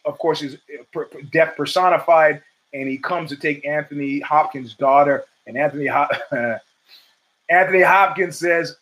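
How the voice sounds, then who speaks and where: An older man hosting his own show, talking in a rambling, profane, animated monologue full of stories. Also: on the high side. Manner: profane, rambling, animated storytelling with acted quotes. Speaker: podcast host. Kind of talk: casual monologue.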